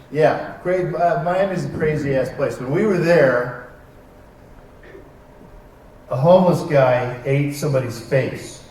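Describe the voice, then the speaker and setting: A man on a convention stage telling wry, animated anecdotes to a live audience, acting out the dialogue in them. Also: a little high, measured pace, pauses often, a little hiss or hum. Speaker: convention panel guest. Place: large convention arena stage. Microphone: heard from far off by a camera in the hall. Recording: echoey hall recorded from far off.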